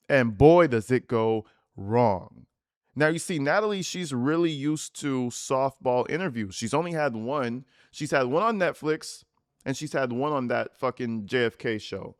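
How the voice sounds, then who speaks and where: Guy doing crude mocking reaction commentary, animated rants, dry close mic. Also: fairly high pitch, dry recording. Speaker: commentary YouTuber.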